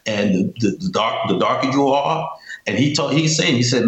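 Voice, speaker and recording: A man speaks as a guest on a talk show, emphatic and prone to repeating his words as he tells stories. His voice sits at an ordinary middle pitch. The sound has a roomy echo around it. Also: animated, moderate pace, fairly bright tone. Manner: storytelling, emphatic, repeats himself. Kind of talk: casual interview talk.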